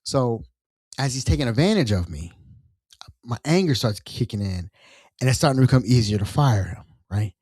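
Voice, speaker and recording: A man hosting a podcast, telling a story in casual chat and acting out the people in it with lively, colloquial phrasing. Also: medium pitch, normal speed, husky, no echo. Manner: animated storyteller acting out quoted voices. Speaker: podcast host.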